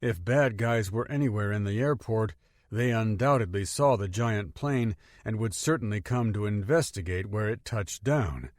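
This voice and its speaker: A man narrating a thriller audiobook in an even, measured way. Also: on the low side, no echo, studio quality. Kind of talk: scripted narration.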